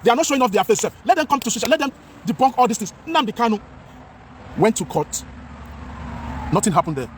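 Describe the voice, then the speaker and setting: A man's voice: extremely high pitch, animated, fast, pauses often, a little hiss or hum. Impassioned Nigerian man vlogging outdoors. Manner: impassioned, repetitive, mixes Pidgin with English. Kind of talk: outdoor talking-head vlog.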